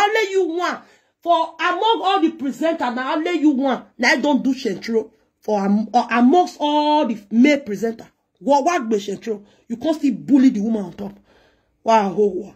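A woman's voice: on the high side, darkish tone, slightly rough. A woman presenter with a Nigerian Pidgin accent, ranting and scolding in a monologue and slipping into chanted lines. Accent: Nigerian Pidgin English. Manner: scolding, insulting, switches into chanted local-language lines.

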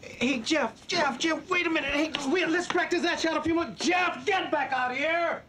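A man's voice: fairly high pitch, sing-song, moderate pace, background noise. An actor playing a pushy, insistent father who is set on his son's basketball, in a 1970s TV drama. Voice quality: loud, insistent.

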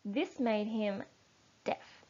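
A woman teacher reading a children's story aloud for a lesson, slow and expressive. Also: medium pitch, slightly rough. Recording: dull lo-fi recording.

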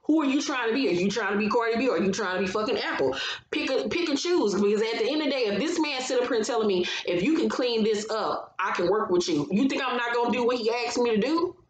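A woman's voice: fairly high pitch, expressive, fast, reverberant, a little hiss or hum, poor audio. Blunt, profane woman recapping reality TV. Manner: blunt, profane, heated opinions. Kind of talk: casual recap commentary.

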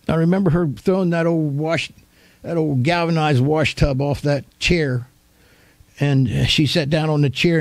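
An older man, a pastor, giving a storytelling sermon in a folksy, homespun manner with animated retelling. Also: fairly high pitch, dry recording.

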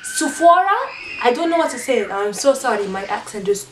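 A middle-aged woman talks through a makeup challenge in a halting, rambling, playful way. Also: medium pitch, animated. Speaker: mother doing a makeup challenge. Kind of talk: casual makeup tutorial. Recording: roomy echo, a little distant from the mic, faint background noise.

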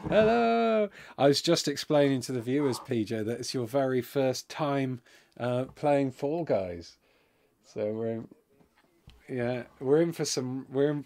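Brief: male streamer host, mid-pitched voice, loose rambling live chat at home, plenty of ums. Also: darkish tone. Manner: rambling, apologetic, lots of ums and uhs.

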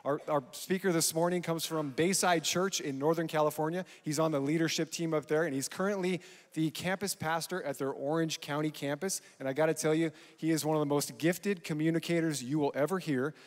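A man making upbeat, friendly church announcements from the stage, his voice a little higher than most men's. He introduces the guest speaker with easy enthusiasm. His voice carries a long hall reverb. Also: fairly even intonation, brisk. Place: large church auditorium.

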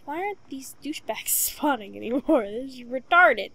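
A woman's voice: sits high, expressive, normal speed, vocal fry, few pauses, a bit bright. A woman hosting a let's play, giving casual gameplay commentary and talking back to the game, repeating her pleas and commands over and over.

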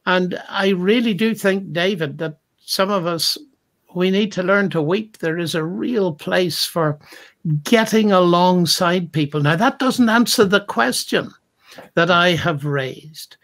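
A man's voice: high-pitched, a little slow, a bit bright. A man speaking as a Christian apologist in a thoughtful discussion, reflective and retelling stories with acted-out quotes.

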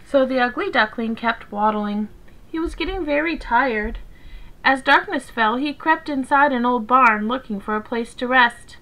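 A woman teacher reading a picture book aloud to children, in a gentle, expressive storytelling manner. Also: on the high side, moderate pace, slight background noise, low-quality recording.

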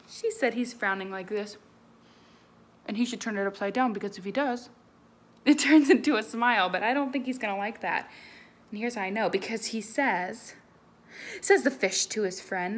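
A woman music teacher giving an animated lesson to young children, talking to them directly and expressively. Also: mid-range voice, normal speed, roomy sound.

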